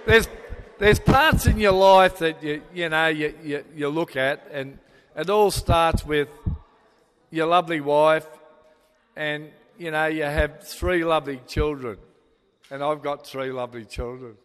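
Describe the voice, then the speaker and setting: An older Australian man gives a father-of-the-bride speech, his voice sitting a little high for a man. He rambles with fond fillers and restarts. The sound carries a long hall reverb. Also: a little slow, clean tone. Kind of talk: wedding speech.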